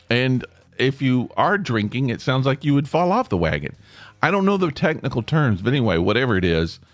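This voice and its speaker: A middle-aged man chats alone into the mic, rambling and poking fun at himself as he speaks straight to his listeners. His pitch swings up and down a lot. The sound is dry and close, with faint music underneath. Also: no echo. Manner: rambling, self-deprecating, talks to listeners directly. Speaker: podcast host. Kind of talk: casual solo podcast monologue.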